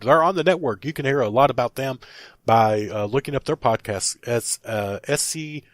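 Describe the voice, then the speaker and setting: A man's voice: medium pitch, no room sound, clean studio sound. A man hosting a paranormal podcast, rattling off plugs in a rambling, self-correcting way until he runs out of breath. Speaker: podcast host.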